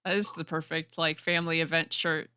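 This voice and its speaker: An easygoing podcast guest who laughs a lot during a casual chat. The voice sits at a middle pitch and sounds dry and close. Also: level tone, brisk, sharp tone, smooth, no echo.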